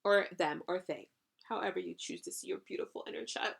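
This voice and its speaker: A woman's voice: on the low side, a little fast, creaky, a bit bright, slightly rough. A woman hosting a channeled spiritual podcast, talking effusively with casual swearing and lots of "you know" and "right?". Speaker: podcast host and spiritual coach.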